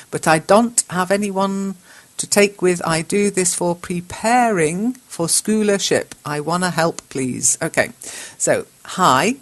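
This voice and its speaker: A woman hosting an English-learning chat show, patiently reading out learners' messages and spelling corrections letter by letter, with frequent chuckles. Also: on the low side. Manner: patient, spells words out slowly, chuckles often.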